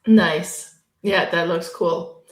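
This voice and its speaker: A woman with a strong, loud voice chats casually as co-host of a board game podcast. Her voice rings out in a roomy, echoing space. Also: lowish voice, steady tone, extremely slow. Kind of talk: casual chat about board games. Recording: roomy echo.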